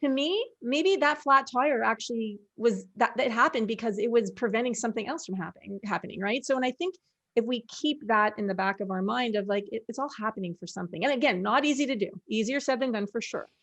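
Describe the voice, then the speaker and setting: A woman's voice: on the high side, brisk, fairly bright tone. A woman in a casual podcast conversation, speaking earnestly and encouragingly as a guest.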